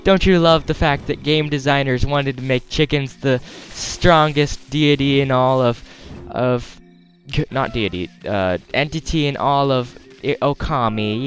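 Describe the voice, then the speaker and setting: A man's voice: mid-range voice, unhurried. Chatty man with a Wisconsin accent. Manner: chatty, playful, self-correcting, talks to the game characters. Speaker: let's play commentator. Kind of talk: casual gameplay commentary. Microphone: desktop headset mic. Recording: faint game music behind.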